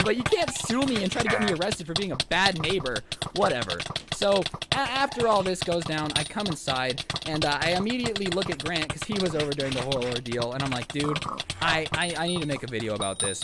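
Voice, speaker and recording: Rich: A young man rattles through a storytime rant with fast, rapid-fire delivery and a bouncing, highly expressive pitch. He sounds sarcastic and exasperated, stumbling over repeated words when heated. Loud game clicking sits right behind his voice. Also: heavy background noise. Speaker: gaming video creator.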